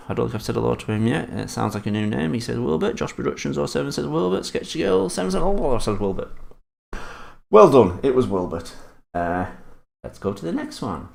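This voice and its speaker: A man's voice: medium pitch, creaky. A man hosting a live-stream quiz, reading out viewers' guesses and swearing casually while teasing his chat. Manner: swears often and teases the chat.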